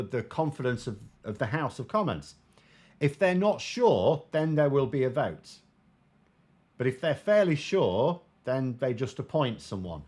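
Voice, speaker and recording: A British man talks through political questions from viewers in a relaxed, chatty commentary. His delivery is wry and sardonic, and he trails off into frequent ums and restarts. His voice sits at an ordinary middle pitch. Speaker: political commentator, show host.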